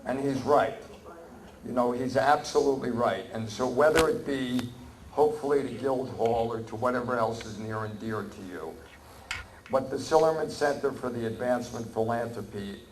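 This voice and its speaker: A man giving an earnest, measured acceptance speech for an award. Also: mid-range voice, a little hiss or hum, rough recording. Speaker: award honoree. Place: banquet hall.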